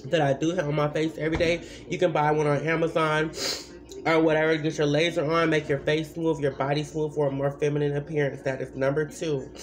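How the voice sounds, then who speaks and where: A woman's voice: deep voice, a little hiss or hum. A woman giving blunt, rambling advice in a casual vlog, full of asides and repeated points. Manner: repeats points with many fillers.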